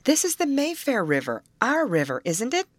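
A woman voicing a sensible young woman who speaks in a brisk, decisive way. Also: mid-range voice, very animated, a bit bright, dry recording, voice pushed up. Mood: eager.

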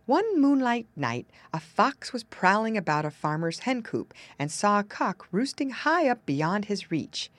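A woman narrating a fable in a clear, expressive reading voice. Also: medium pitch, a little slow, hardly any pauses, no room sound. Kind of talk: scripted storybook narration.

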